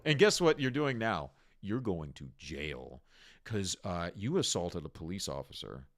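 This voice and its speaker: A man's voice: sits low, very animated, measured pace, fairly bright tone. A man hosting a ranting commentary on video clips, exasperated and mocking, with frequent swearing. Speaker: commentary host.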